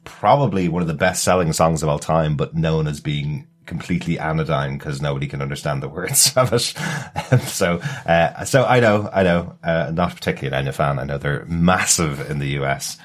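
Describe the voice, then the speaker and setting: A man's voice: rumbling low, a little fast. A man hosting a podcast in casual chat, rambling along with lots of fillers and restarts. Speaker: podcast host.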